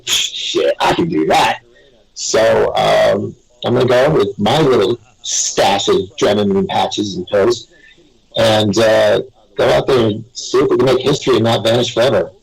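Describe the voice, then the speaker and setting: A man with a low, gravelly voice tells stories as a guest on a live web radio show. His tone is husky and a little rough, and he rambles from one thought to the next with small chuckles. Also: normal speed, rough recording.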